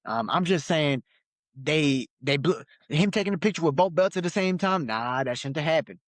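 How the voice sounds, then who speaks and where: A man's voice: fairly high pitch, lively intonation, normal speed, no echo. A young man co-hosting a casual podcast, talking loosely with slang and frequent laughs. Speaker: podcast co-host. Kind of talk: casual chat.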